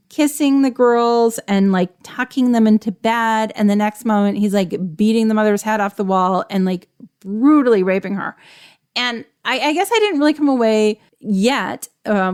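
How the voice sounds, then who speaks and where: A woman co-hosting a podcast in casual chat, frankly retelling scenes with "you know" and "like" fillers. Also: a little high. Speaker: podcast co-host. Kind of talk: casual chat reviewing a TV series.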